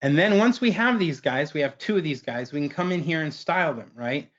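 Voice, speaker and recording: A man's voice: on the high side, lively intonation, brisk, a bit bright. Guy running a webinar demo, chatty, says right a lot, kinda dull lo-fi audio. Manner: casual, keeps asking "right?". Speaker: webinar presenter. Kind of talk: screen-share software demo.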